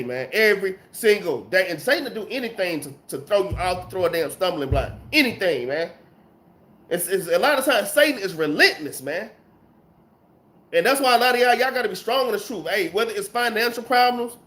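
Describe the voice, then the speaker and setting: Still getting over a cold and coughing, a Bible class teacher gives an informal, slang-sprinkled scripture lesson with plenty of emphasis. His voice is high-pitched and fairly bright.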